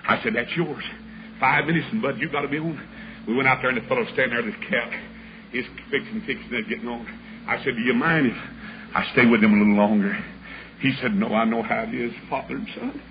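A man's voice: medium pitch, steady tone, fast talker. An older man preaching a sermon, telling a story in a folksy, dramatic way and acting out the voices of the people in it. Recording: muffled old sermon recording with hiss.

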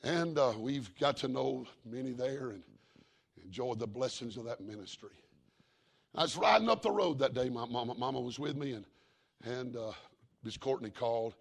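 A middle-aged man preaching a sermon in a folksy, repetitive cadence, moving from quiet storytelling to fervent preaching. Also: mid-range voice, expressive, moderate pace, creaky.

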